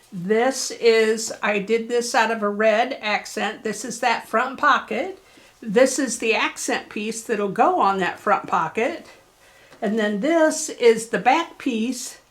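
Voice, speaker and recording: A woman's voice: fairly high pitch, fairly bright tone. A woman presenting a casual sewing tutorial for her craft shop, talking in a chatty, folksy and encouraging way.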